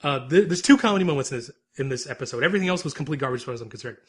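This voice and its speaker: A man co-hosting a podcast, recapping an episode in a lively, rambling, casual chat. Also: mid-range voice, racing, breathy edge. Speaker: podcast co-host.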